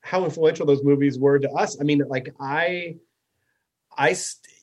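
A man's voice: on the high side, fairly even intonation, a little slow, darkish tone. A man hosting a casual chat, enthusiastic and loose, with plenty of fillers and casual swearing. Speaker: podcast host.

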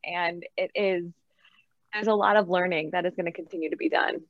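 A woman co-hosting a podcast, chatty and quick to laugh. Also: on the low side, fairly even intonation, no echo. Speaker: podcast co-host. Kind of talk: casual interview chat. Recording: dry, dull lo-fi sound.

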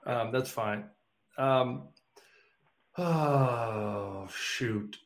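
A man's voice: mid-range voice, extremely slow, gravelly. A man hosting a casual interview, playful and laughing easily, with lots of hesitant fillers. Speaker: podcast host.

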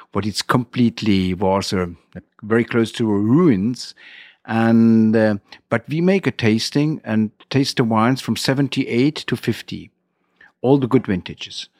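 German-accented man, halting English, dry sound. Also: fairly low pitch, no room sound. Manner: halting non-native English with fillers and restarts. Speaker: winery owner guest. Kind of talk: interview.

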